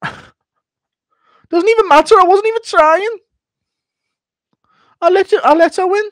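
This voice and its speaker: A man's voice: slow pace, a bit bright, no room sound, studio quality, exaggerated voice. A man putting on a whiny, boastful male fighter who makes excuses and swears. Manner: shrill, defensive, swearing.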